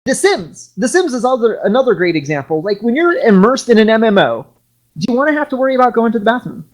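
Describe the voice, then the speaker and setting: A man's voice: very high voice, very animated, quick pace. Rambling male podcast host. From Washington state, US. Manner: rambling, frequent restarts and ums. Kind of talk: casual panel chat.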